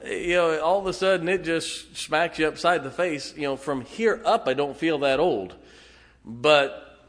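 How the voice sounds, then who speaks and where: A middle-aged man preaching a sermon as pastor, folksy and halting, with many fillers. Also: on the high side, a bit bright, long reverb tail. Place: church sanctuary.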